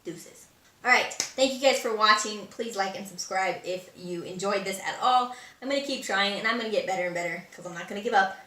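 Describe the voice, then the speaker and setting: A tired, slightly hoarse woman chatting casually through a makeup review, rambling and poking fun at herself. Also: medium pitch, a little fast, sharp tone, echoey room, distant mic, a little hiss or hum. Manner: chatty, self-deprecating, rambling. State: tired, hoarse late at night. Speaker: beauty vlogger. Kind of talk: casual product review chat.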